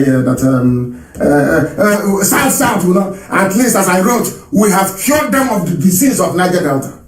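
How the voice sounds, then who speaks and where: A man's voice: high voice, roomy sound. Emphatic man on a live radio broadcast. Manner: emphatic, repeats phrases, laughs often.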